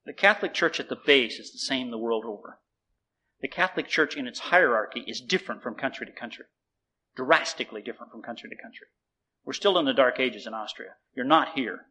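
A man preaching a sermon, telling a story and acting out both sides of the conversation in an animated way. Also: mid-range voice, a little fast, slightly rough, rough recording.

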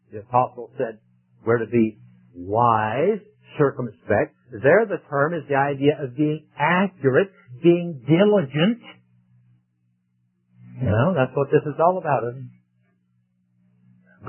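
A man's voice: on the high side, animated, unhurried, slightly rough. A man preaching a sermon in a conversational way, often asking rhetorical questions. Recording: tinny phone-like radio broadcast.

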